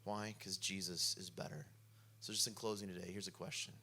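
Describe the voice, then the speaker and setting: A man's voice: deep voice, fairly even intonation, fairly quick, creaky, sharp tone. A young man preaching a sermon, telling a story in a casual way full of "like" before building to impassioned preaching. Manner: casual, peppered with "like". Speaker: pastor.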